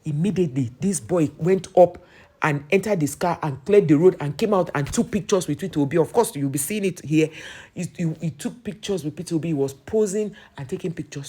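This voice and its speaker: This young woman, whose Nigerian accent colors a lowish, slightly rough voice, recounts a political story in animated, informal commentary packed with restarts.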